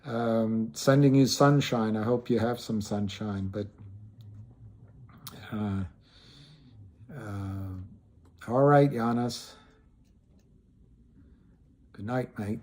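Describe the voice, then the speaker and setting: A man's voice: fairly low pitch, drawn-out words, pauses often, darkish tone. A man hosting a casual livestream, rambling with frequent restarts and trailing thoughts, and greeting viewers by name as he answers them. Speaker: livestream host.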